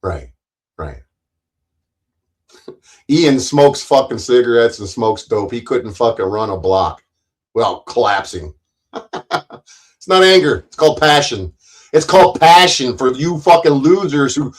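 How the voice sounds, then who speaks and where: A man's voice: medium pitch, very animated, unhurried, pauses often, poor audio. A man hosting a livestream, ranting at his chat in a profane, taunting, confrontational way. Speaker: livestream host.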